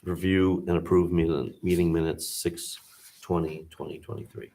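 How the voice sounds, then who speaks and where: A man chairing a town select board meeting, moving briskly through agenda items. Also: deep voice, flat delivery, dark tone. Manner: brisk, procedural. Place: town hall meeting room.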